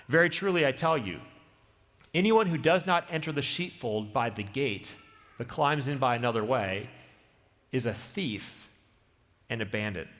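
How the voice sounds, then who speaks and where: A man preaching a sermon as a pastor, telling a story in the second person with lively, dramatic delivery. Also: medium pitch. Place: church sanctuary. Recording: long church reverb.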